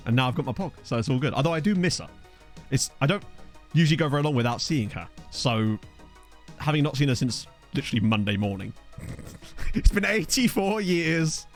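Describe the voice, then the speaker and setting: A man's voice: mid-range voice, fast, soft background music. A young man, streaming a football management game and chatting to viewers in a rambling, self-mocking way. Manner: rambling, self-mocking storyteller with frequent laughs. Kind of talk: casual gameplay chat with chat readers. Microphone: desktop USB mic.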